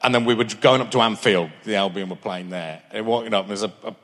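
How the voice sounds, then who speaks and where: On stage in a big, echoing concert hall with an audience, a guest in his fifties talks fast in a lowish, slightly bright voice. His stories ramble, breaking off and starting over again and again during the live interview.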